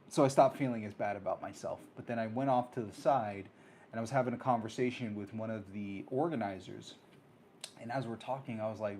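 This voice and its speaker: A man hosting his own talk show, telling a personal story in a casual, animated way and acting out the voices of people he met. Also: medium pitch, a little fast, slight background noise. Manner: animated, acts out quoted voices. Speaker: host.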